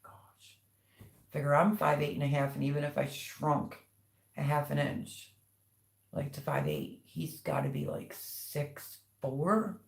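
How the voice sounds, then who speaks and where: With a deep, creaky voice that's animated yet measured in pace, an older woman hosts a live stream from a roomy-sounding space. She chats casually, wandering through family stories and reading viewers' remarks aloud.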